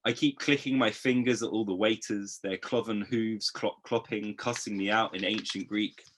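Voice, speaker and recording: A man reading his poems aloud, expressive in the verse and hesitant and chatty between poems. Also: on the low side, moderate pace. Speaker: poet. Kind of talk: poetry reading.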